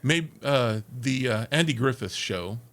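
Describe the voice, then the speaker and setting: An older man co-hosting a podcast, reminiscing in casual chat in an unhurried, halting way. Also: medium pitch, animated, fairly bright tone. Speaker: podcast co-host.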